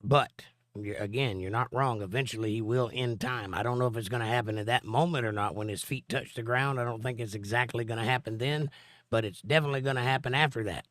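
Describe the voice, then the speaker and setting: Hoarse male live-stream host, mid-pitched voice, dry close sound, reads chat comments, explains Bible points. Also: fast talker, a bit bright, dry recording. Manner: reads viewer comments aloud, then explains at length. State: hoarse from laryngitis.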